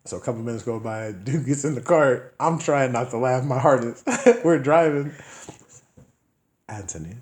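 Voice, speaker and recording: A man's voice: medium pitch, moderate pace, few pauses, reverberant. A man co-hosting a podcast, telling stories in casual chat, acting out quoted people in voices and laughing often. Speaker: podcast co-host.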